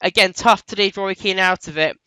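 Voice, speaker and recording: Bright, crisp-voiced man chatting football. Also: sits high, brisk, no echo, low-quality recording. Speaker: podcast co-host. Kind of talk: casual football chat.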